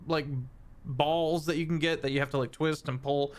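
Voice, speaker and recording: A man's voice: on the high side, steady tone, moderate pace, clear, resonant tone. A man acting as game master for a tabletop game who describes scenes while searching for words. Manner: searching for words, with fillers and restarts.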